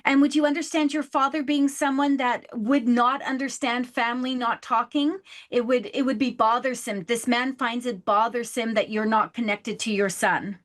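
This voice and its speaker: A woman's voice: on the high side, fairly even intonation, normal speed, few pauses. A woman hosting a psychic show, giving a reading to a caller and saying please and love often. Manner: warm, affectionate, says please and love often. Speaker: psychic medium host.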